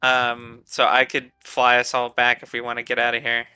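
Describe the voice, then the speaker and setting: A man playing a tabletop game, calmly describing his character's moves. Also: medium pitch, normal speed, smooth, dry recording, studio quality, soft background music. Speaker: player. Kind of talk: casual tabletop game chat.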